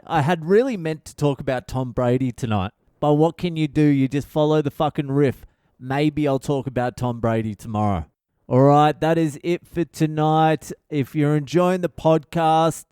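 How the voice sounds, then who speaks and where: Profane man, smooth close voice. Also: a little high, normal speed, warm tone, no room sound. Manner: profane, rambling comic storytelling. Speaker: podcast host. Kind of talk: casual solo monologue.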